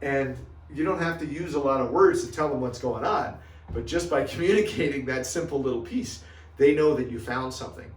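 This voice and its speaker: A man with a medium-pitched voice briskly coaches health practitioners on what to tell patients, speaking emphatically and checking in with "right?" and "okay?" He sounds reverberant and far from the mic.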